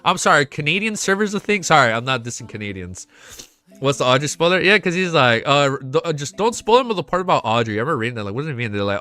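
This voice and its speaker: A man hosting a casual livestream chat, excitable and swearing freely, his voice jumping between high and low. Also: quick pace, no room sound. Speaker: livestream host.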